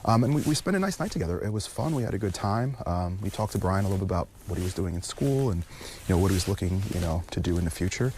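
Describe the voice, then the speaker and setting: A young man interviewed for a news story, speaking in a halting way with frequent restarts. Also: low voice, animated, a little mellow, a little hiss or hum. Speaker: interviewee, family friend.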